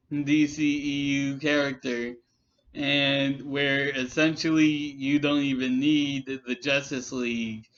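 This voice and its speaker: Slow, higher-voiced man arguing back. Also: fairly bright tone. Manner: argumentative, addresses critics directly. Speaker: commentary vlogger. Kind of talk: casual rebuttal commentary. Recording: slightly muffled lo-fi recording.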